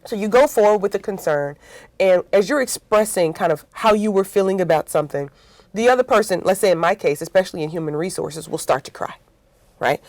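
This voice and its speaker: A woman's voice: mid-range voice, brisk, no room sound. A woman guest in a conversational interview about workplaces, telling stories with acted-out quotes and often adding "right?". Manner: animated storytelling with acted-out quotes; frequent "right?" tags.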